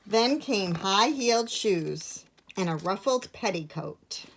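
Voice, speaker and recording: A woman teacher reading a picture book aloud to children in a gentle, expressive way. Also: mid-range voice, slow, slight background noise.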